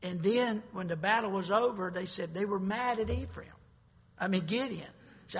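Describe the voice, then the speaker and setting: A man's voice: high-pitched, normal speed. A male pastor preaching an emphatic sermon to his congregation, joking with them and repeating words as he restarts his sentences. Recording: long hall reverb.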